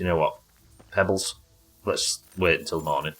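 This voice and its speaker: A man streaming a game live, commenting excitably and swearing as he plays. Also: low voice, moderate pace. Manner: excitable, sweary, talking to himself.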